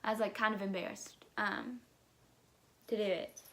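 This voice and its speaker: A woman's voice: medium pitch, normal speed, creaky, a bit bright. A woman in her twenties from the United States with an articulation disorder that gives her speech sounds unusual, chatting candidly to camera. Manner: chatty, candid, many fillers. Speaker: vlogger. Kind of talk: casual chat to camera.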